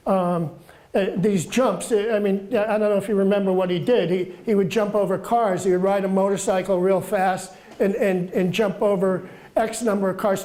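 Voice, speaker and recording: Soft-voiced man in his seventies, guest author, halting speech with repeated words and chuckles. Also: high voice. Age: 70s. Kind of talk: casual storytelling talk.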